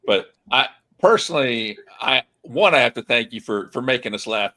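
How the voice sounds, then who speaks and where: A man's voice: mid-range voice, lively intonation, normal speed, pushed and bright. A man co-hosting a podcast, earnest and rambling, full of fillers. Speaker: podcast co-host.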